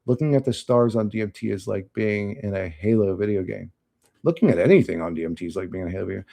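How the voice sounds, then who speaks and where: A man's voice: lowish voice, quick pace, vocal fry, dark tone. A young man streaming live, chatting casually and bluntly, cursing often and laughing at chat.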